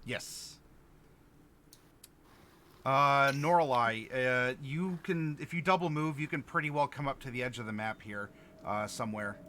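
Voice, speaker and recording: A man's voice: mid-range voice, a little slow, bright, forceful tone, slight background noise. A young man running a tabletop game as game master, playful and laughing often.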